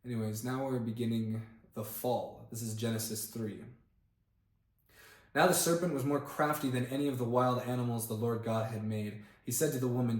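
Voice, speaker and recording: A man reading a Bible chapter aloud on camera, pausing now and then to look up words and comment in a casual way. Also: mid-range voice, darkish tone. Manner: reads aloud with plain emphasis, stops to look up words and comment. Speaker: Bible reader and channel host. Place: indoor room, filmed on camera. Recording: echoey room.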